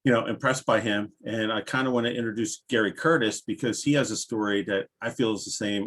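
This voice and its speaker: A man's voice: fairly low pitch, fairly even intonation, brisk, few pauses, a bit bright. A tearful man on a video call, giving heartfelt, rambling remarks as an advocate before introducing a speaker. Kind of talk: heartfelt remarks at a virtual panel.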